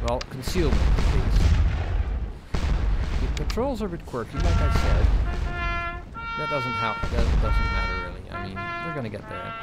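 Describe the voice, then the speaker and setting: A man giving casual let's play commentary, rambling and self-deprecating with many fillers, over game audio. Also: mid-range voice. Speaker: gaming YouTuber. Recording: game music and battle sounds behind.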